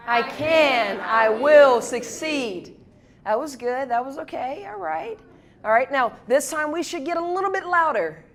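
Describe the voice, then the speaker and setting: A woman gives a motivational talk at a university event, leading the audience in a repeated chant and building up to shouts. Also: high-pitched, expressive, moderate pace, vocal fry. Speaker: guest speaker.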